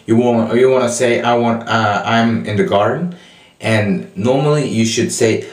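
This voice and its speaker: Slow hesitant man with French accent. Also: medium pitch, fairly even intonation, echoey room, recorded from a distance. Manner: slow and hesitant, many fillers and restarts. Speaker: French tutor. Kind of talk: casual spoken language lesson.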